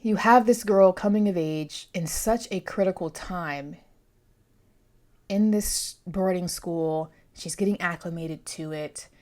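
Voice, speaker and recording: Young woman book vlogger, lowish voice, chatty and rambling, off-the-cuff. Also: slow, a little mellow. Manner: chatty, rambling, self-correcting. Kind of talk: casual chat.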